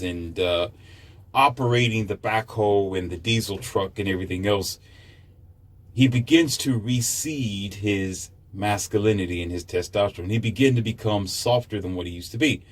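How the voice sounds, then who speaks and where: A man delivering a preachy opinion monologue to his listeners. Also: lowish voice. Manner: lecturing, preachy, addresses listeners. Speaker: commentator.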